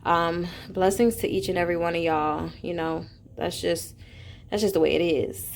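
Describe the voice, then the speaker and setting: A woman with a fairly low voice talks to her viewers in a loose, rambling way. She is excited, full of slang and fillers, often trailing off mid-thought. Faint background noise sits under the recording. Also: normal speed, gravelly. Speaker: crystal vlogger. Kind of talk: casual chat to camera.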